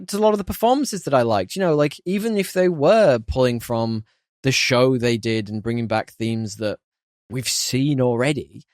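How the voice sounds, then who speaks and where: A man hosting a podcast, chatting casually and opinionatedly about a film, animated and quick to laugh. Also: medium pitch, no echo, studio quality. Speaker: podcast host. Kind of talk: casual film review chat.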